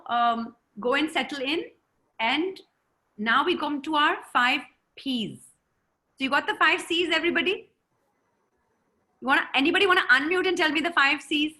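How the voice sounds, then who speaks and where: A woman who grew up in America, giving an online communication seminar as a trainer and calling on participants by name over a video call. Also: sits high. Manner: lively, addresses participants by name.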